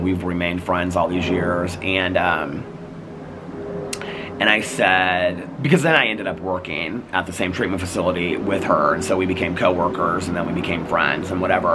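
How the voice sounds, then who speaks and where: Chatty deep-voiced man telling a story. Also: background noise. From United States. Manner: chatty, full of "like" and "you know", acts out quoted exchanges. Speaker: vlogger. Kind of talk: casual storytelling to camera.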